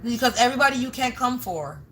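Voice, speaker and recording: A bright-toned woman runs a confrontational livestream as a tarot reader. She scolds her viewers bluntly, curses freely and gets louder when she makes her point. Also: on the high side, expressive, fast talker, slight background noise. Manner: blunt, scolding, swears often, raises voice at times.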